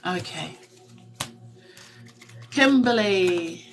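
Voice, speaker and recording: Woman, intuitive card reader, soft and slow, meditative, music playing behind. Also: fairly low pitch, expressive, far from the mic, rough recording. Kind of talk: live tarot-style card reading.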